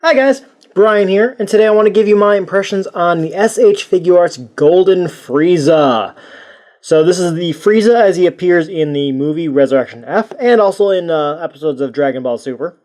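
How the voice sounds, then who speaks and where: A man's voice: high-pitched, expressive, normal speed, darkish tone. Rambling, jokey male toy reviewer. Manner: rambling, jokey and self-mocking.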